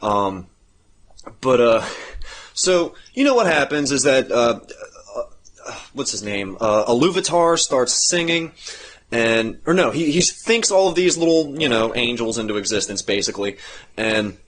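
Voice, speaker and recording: Male podcast host, casual rambling storyteller, very lively delivery. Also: mid-range voice, a little slow. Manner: rambling, profane, animated storytelling. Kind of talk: casual chat.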